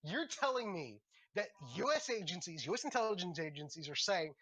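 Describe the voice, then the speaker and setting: A man argues over voice chat in a husky, bright voice that swings widely in pitch. He is incredulous and mocking, talking over the other side. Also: big pitch swings, a little fast. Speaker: debater in an online argument. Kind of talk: heated casual argument.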